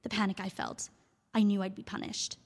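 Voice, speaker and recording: A woman's voice: medium pitch, little pitch movement, brisk, big-room sound, lightly acted. A woman performing a neurotic young woman in a theatre monologue, with a British accent and a breathless, confessional manner. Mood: rising panic. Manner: breathless, confessional, spiralling panic.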